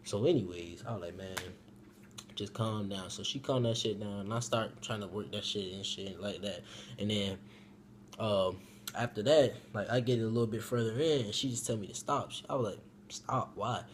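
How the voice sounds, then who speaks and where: A man's voice: moderate pace, slight background noise. Profane young man telling a wild story. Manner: profane and animated, swinging from loud outbursts to low mumbling. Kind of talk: casual story time.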